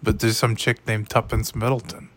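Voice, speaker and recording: A man's voice: fairly low pitch, little pitch movement, moderate pace, fairly bright tone, dry recording. A man hosting a casual chat, rambling and sarcastic, swearing freely.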